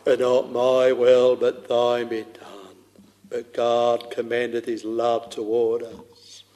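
In a slow, completely flat, medium-pitched voice with a dark tone, a man delivers an old-style fervent sermon, addressing listeners as "dear soul" and at times rising into a half-sung chant. The recording has long hall reverb.

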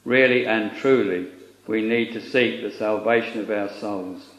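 A man's voice: lowish voice, measured pace, a bit bright, a little hiss or hum. Solemn man preaching in an echoey room. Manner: solemn, earnest, old-fashioned scriptural phrasing. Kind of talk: sermon.

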